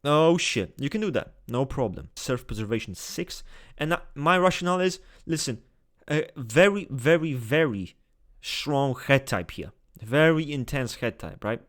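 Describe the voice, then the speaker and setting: A man hosting a casual tier-list video, talking straight to his viewers in a blunt, excitable, swear-heavy way. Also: medium pitch. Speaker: typology video host.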